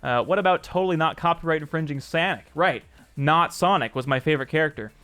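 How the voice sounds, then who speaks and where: A man's voice: fairly high pitch, fast, fairly bright tone, smooth, soft background music. Upbeat chatty male game streamer. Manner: upbeat, chatty, thanks viewers by name. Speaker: streamer and indie game developer. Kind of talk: casual live-stream commentary.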